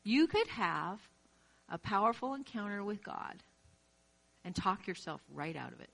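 A woman's voice: medium pitch, big pitch swings, a little slow, creaky, a bit bright. Woman preacher with a mid-range voice, giving an emphatic, direct-address sermon. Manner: acts out quoted inner voices.

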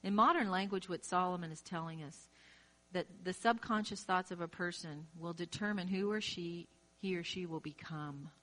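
A woman's voice: fairly low pitch, moderate pace, fairly bright tone. Emphatic woman preaching to her listeners. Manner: emphatic, direct address to listener; acts out quoted inner voices. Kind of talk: sermon.

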